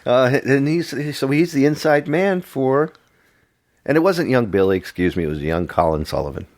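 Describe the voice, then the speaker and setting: A man's voice: medium pitch, animated, normal speed, a little mellow. A man co-hosting a casual movie podcast, rambling through the plot with self-mocking jokes. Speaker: podcast co-host.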